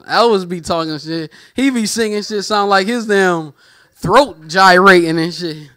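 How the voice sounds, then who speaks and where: A man's voice: high-pitched, measured pace, bright, forceful tone. A man doing a stand-up comedy set, talking in loose slang, repeating lines and trailing off.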